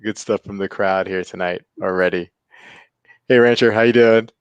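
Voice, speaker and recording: A man's voice: on the low side, fairly even intonation, normal speed, clean tone, dry recording, highs cut off. A man hosting a casual livestream, greeting viewers by name and chuckling often. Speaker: livestream host.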